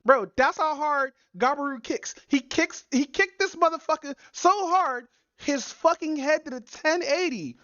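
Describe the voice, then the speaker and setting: A woman's voice: sits high, unhurried, a bit bright, dry recording, dull audio. A woman hosting a podcast, recapping a story in rambling, profane casual chat. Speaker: podcast host.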